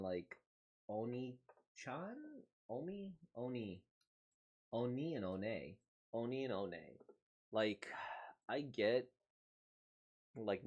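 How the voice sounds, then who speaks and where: A man hosting a manga reaction, rambling and thinking aloud in casual commentary. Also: on the low side.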